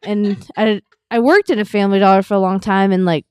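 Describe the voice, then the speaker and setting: A woman's voice: mid-range voice, fairly quick, a little mellow, smooth, no room sound. A young woman co-hosting a talk show, chatty and self-mocking. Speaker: radio show co-host. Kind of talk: casual chat.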